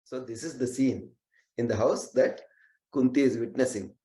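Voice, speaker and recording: A man's voice: mid-range voice, moderate pace, dark tone. Earnest male storyteller, roomy echo. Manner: earnest, with chanted verses. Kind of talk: devotional storytelling with verse recitation.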